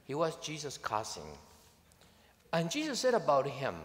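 A man, a priest, preaching a sermon in an emphatic, animated way with touches of dry humor. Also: on the high side, normal speed, pauses often, long reverb tail. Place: large conference venue.

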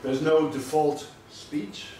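A man's voice: on the high side, flat delivery, dark tone, slight background noise. Man lecturing in a very echoey room. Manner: measured, explanatory, dry asides. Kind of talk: university lecture. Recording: very echoey room, mic far off.

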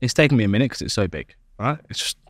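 Young male podcast co-host, animated and high-ish, playful storyteller, dry close sound. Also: very fast, dry recording. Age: young adult. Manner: playful storytelling, lively swings in pitch. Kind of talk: comic casual chat.

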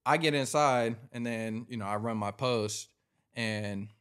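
A man's voice: mid-range voice, unhurried, a bit bright, smooth. A man in his thirties, a podcast guest, telling a story in a loose, casual way with lots of filler words. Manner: laid-back, loose, filler-heavy delivery.

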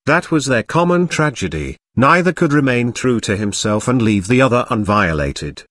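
A man reading a history audiobook aloud in a measured, even narration. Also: mid-range voice, no echo, studio quality.

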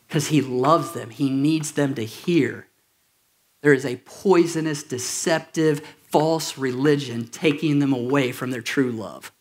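High-voiced man preaching a casual sermon. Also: fairly bright tone. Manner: conversational, jokey asides to the congregation. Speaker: pastor. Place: church auditorium.

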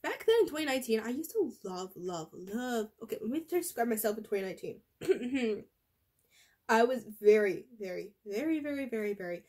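Teenage girl, casual vlog chat, rambling with fillers, voice worn from being sick, slightly high pitch. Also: animated, normal speed, darkish tone. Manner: rambling, restarts, lots of fillers. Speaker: vlogger.

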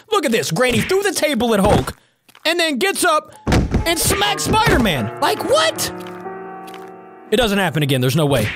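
A gaming reaction host who exclaims excitedly at the action on screen. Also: mid-range voice. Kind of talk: reaction video commentary.

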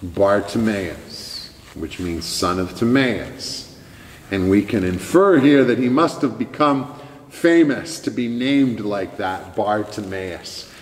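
A male pastor preaching a sermon in a church sanctuary, measured and emphatic, with dramatic pauses. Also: lowish voice, reverberant, in a large hall, slight background noise.

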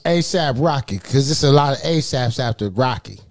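A man from Southern California who is a rapper guest, talking in a playful, laid-back, drawn-out way in a casual radio interview. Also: medium pitch, animated, no room sound.

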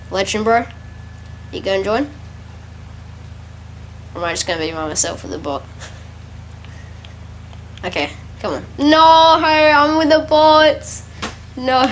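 A woman giving casual, excitable gameplay commentary, correcting herself quickly and laughing often. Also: medium pitch, a little hiss or hum. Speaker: gamer.

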